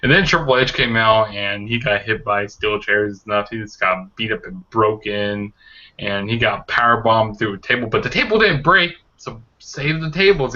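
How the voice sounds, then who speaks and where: Bright-toned young man rambling on a call. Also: mid-range voice. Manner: rambling, many fillers. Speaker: wrestling show reviewer, host. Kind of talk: casual review chat. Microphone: online call mic. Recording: muffled lo-fi call audio.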